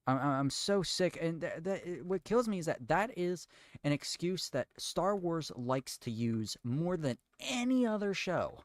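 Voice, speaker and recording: A man's voice: on the high side, very animated, measured pace, dry recording, studio quality. A man chatting casually while building, ranting at length with restarts and swearing. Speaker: streamer.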